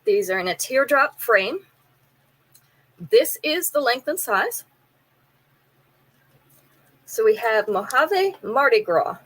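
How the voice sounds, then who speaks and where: A woman's voice: on the high side, big pitch swings, takes it slowly, long pauses, a bit bright, low-quality recording. A woman hosting a live jewelry sale, chatting casually, describing pieces in detail and running a trivia game with viewers.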